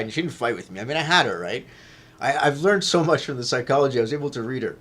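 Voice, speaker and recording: Male vlogger, mid-pitched, rambling monologue with restarts and swearing, heats up into loud retelling. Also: lively intonation, quick pace. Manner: rambling, repeats himself, swears, grows loud when retelling a fight.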